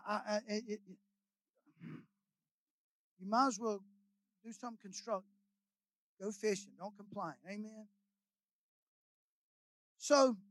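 A man, preaching as a guest pastor in a folksy, joking way, repeating phrases and swinging between quiet asides and loud shouts. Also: high-pitched, no echo. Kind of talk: sermon.

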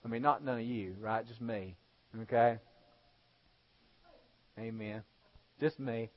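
A male pastor preaching a sermon, swinging between loud exhortation and hushed storytelling. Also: mid-range voice, fairly even intonation, slow pace. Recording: dull lo-fi sound.

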